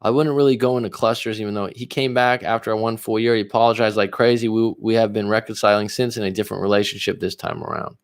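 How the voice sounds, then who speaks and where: A man's voice: fairly low pitch, steady tone, fast talker, creaky, few pauses. A man coaching viewers on a livestream, reading their comments aloud and answering them bluntly, with frequent swearing. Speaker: relationship coach.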